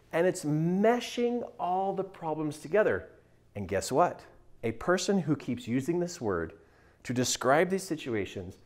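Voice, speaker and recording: A man's voice: a little high, darkish tone. A man coaching listeners in a motivational talk, explaining with emphatic delivery and acted-out quotes. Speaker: mindset coach.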